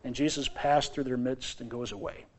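A man preaching a sermon as pastor in his church, moving between loud exclamations and quiet asides. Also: medium pitch, steady tone, normal speed.

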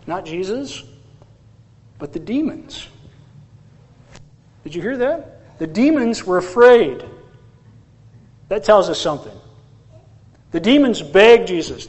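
Man, pastor, sermon, lively questioning delivery, higher voice. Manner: animated, rhetorical questions to the congregation.

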